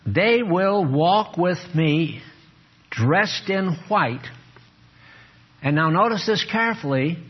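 Man, preacher, animated sermon, husky voice, muffled lo-fi recording. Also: high voice, slow, pauses often. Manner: animated, teasing, calls on listeners by name. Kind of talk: sermon to a small group.

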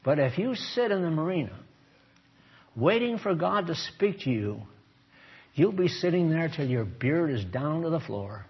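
A man's voice: fairly high pitch, very animated, unhurried, slightly rough. An older man preaching a sermon as pastor, folksy and emphatic, with a dull lo-fi recording. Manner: folksy, emphatic, shifts into mock voices and prayer.

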